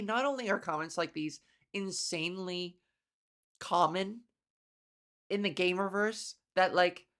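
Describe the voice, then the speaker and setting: A woman comedian hosting her own podcast, ranting casually with sarcasm, profanity and quick laughs. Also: mid-range voice, fairly bright tone. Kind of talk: casual solo podcast rant.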